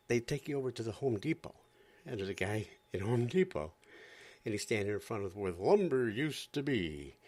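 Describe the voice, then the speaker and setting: A man's voice: fairly low pitch, big pitch swings, normal speed, darkish tone. A man hosting a podcast, ranting in an exasperated, sarcastic way and often repeating himself. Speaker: podcast host. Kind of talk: ranting commentary.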